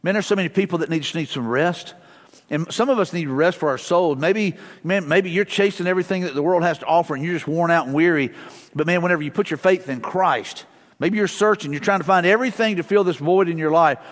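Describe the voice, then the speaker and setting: A fast-talking middle-aged pastor with a voice on the high side delivers a conversational sermon. He weaves family stories together with repeated short prayers, and the sanctuary adds long church-hall reverb.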